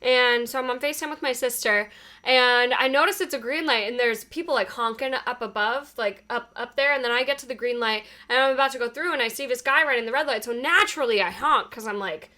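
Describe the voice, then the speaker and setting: Bright, high-voiced animated woman. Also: a little fast. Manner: animated storytelling, yells quoted lines, swears freely. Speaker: podcast co-host. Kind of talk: casual chat.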